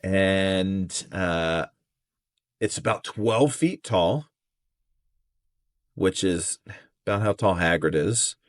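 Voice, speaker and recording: A man co-hosting a podcast, calmly retelling a chapter's events in casual chat. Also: low-pitched, drawn-out words, long pauses, no echo, clean studio sound. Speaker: podcast co-host.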